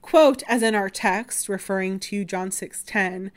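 A woman's voice: medium pitch, measured pace, few pauses. Chatty woman podcaster around thirty. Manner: chatty, many fillers like "like" and "um"; wry asides. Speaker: history podcast host. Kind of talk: casual explanatory history talk.

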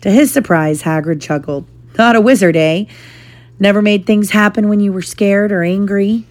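A woman reading a novel aloud to her child, lively and animated, with brief asides. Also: medium pitch, normal speed.

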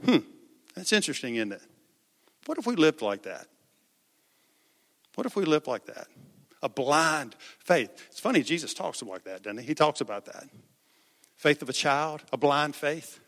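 A man's voice: fairly high pitch, sing-song, moderate pace, long pauses, a bit bright. A man preaching a sermon in a conversational way, asking the congregation questions and repeating words as he goes. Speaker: pastor. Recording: echoey hall.

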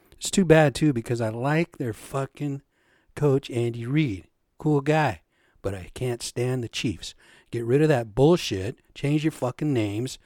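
A man's voice: mid-range voice, warm tone, no echo, studio quality. A man hosting a solo podcast, ranting in a profane, agitated way. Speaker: podcast host.

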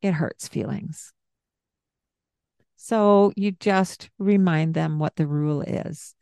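A woman co-hosting a parenting podcast, talking in a calm, gentle way and explaining with examples. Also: sits low, slow, clean tone, no echo, clean studio sound. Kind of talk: casual podcast advice.

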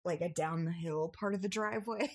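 A young woman in casual storytelling on a podcast, animated and acting out family members as she goes. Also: fairly quick. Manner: animated, acts out family members with big pitch jumps. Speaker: podcast co-host.

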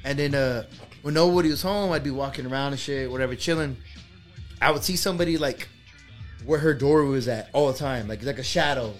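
Soft music plays behind a young man's mid-range voice as he tells, a little quickly, a ghost story from his own life. It's casual podcast storytelling from a co-host, rambling and full of fillers and curse words.

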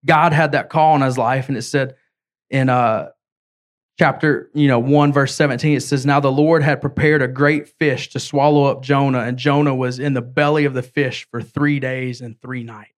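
A man preaching a sermon as an evangelist, retelling a story in casual words and reading scripture aloud with halting slips. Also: medium pitch, fairly even intonation. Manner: storytelling, voicing characters in a casual way.

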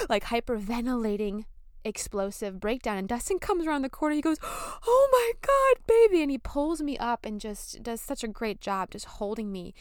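A young woman hosting a podcast, telling a personal story in a chatty, animated way with lots of fillers. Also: medium pitch, clear, resonant tone, no room sound, studio quality. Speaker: podcast host. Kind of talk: casual storytelling monologue.

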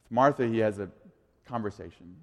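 A pastor in his thirties preaching a sermon in a casual, conversational way, moving from quiet asides to lively storytelling. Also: lowish voice, a little fast. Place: church sanctuary. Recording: long reverb of a large hall.

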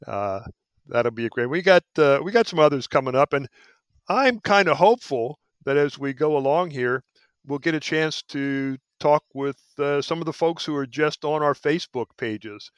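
Man, podcast host, chatty and jokey, crisp voice, dry sound. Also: medium pitch, dry recording. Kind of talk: casual podcast talk.

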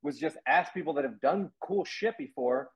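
A young man hosting a podcast. He is excitable and swears a lot, and his speech is full of fillers. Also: a little high, moderate pace, rough recording. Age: young adult. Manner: excitable and profane, hedges with fillers. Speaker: podcast host. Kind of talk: casual podcast conversation.

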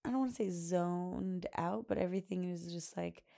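A woman's voice: on the low side, moderate pace, gravelly, warm tone. A young woman hosting a podcast, chatting casually and rambling with lots of laughs and filler words. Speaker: podcast host. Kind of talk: casual solo chat.

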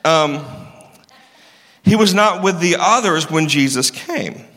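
A male pastor delivers a lively sermon in a fairly high, bright, pushing voice. He keeps it casual and acts out the people in his story as he goes. A long reverb trails his words through a large hall. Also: takes it slowly. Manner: conversational and animated, acting out the people in the story.

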